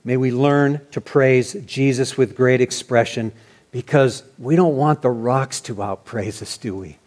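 A man preaching a sermon as pastor, earnest and animated, sometimes restarting his phrases. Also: mid-range voice, unhurried.

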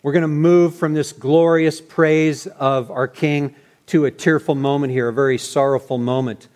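A man preaching a sermon as pastor, earnest and animated, sometimes restarting his phrases. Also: a little high, moderate pace.

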